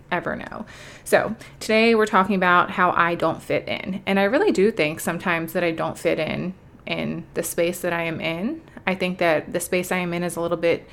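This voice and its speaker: Young woman, podcast host, chatty, emotional, heartfelt, lowish voice. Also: fairly bright tone. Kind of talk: casual solo podcast talk.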